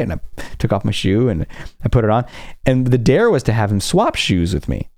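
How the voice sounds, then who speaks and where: Lively low-voiced male podcast host. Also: a little fast, no room sound, studio quality. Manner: animated storytelling with acted quotes. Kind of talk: self-help podcast monologue.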